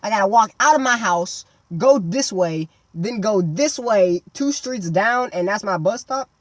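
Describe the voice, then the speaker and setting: A woman's voice: medium pitch, expressive, measured pace, dry recording. A woman telling a comedic storytime monologue in a slangy, dramatic way, breaking into exaggerated yelps.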